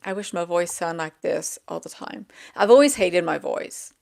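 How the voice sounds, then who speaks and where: A woman's voice: on the low side, normal speed, gravelly, a little mellow. Crackly-voiced woman rambling to camera. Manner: rambling and self-deprecating, loses her train of thought. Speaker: vlogger. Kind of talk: casual chat to camera. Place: indoors at a table with a laptop. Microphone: small handheld microphone.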